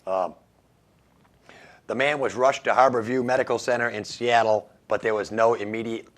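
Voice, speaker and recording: A man's voice: medium pitch, steady tone, moderate pace, a bit bright. A man hosting a radio show, reading odd news stories and making wry jokes about them, laughing at his own lines. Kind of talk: casual comedic news commentary.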